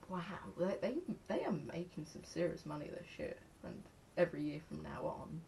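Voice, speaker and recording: English girl rambling to camera, kinda low voice, chatty and self-mocking. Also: normal speed, gravelly, mellow, a little hiss or hum. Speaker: vlogger. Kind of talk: casual chat to camera.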